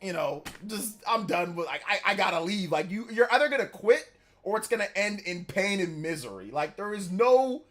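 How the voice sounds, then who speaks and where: A man hosting a live stream, telling stories in a casual, animated and slangy way. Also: sits high, normal speed. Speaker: streamer host. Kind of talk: casual livestream chat.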